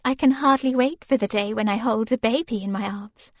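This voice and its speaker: A woman voicing a gentle, flustered young wife in an eager, breathless manner for an audiobook. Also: on the high side, fairly quick, no echo, close to an everyday voice.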